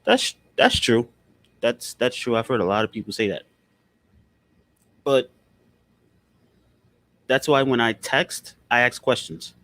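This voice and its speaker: A man's voice: mid-range voice, slow pace, long pauses, a bit bright, dry recording. A man in casual conversation, blunt and profane, who repeats his points for emphasis. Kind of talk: casual chat.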